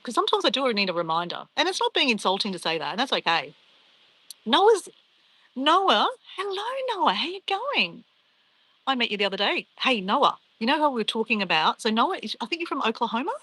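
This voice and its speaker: A woman's voice: on the high side, big pitch swings, racing, hardly any pauses, pushed and bright, no echo, rough recording. A young woman chatting casually on a travel live stream, rambling and laughing as she reads viewer comments.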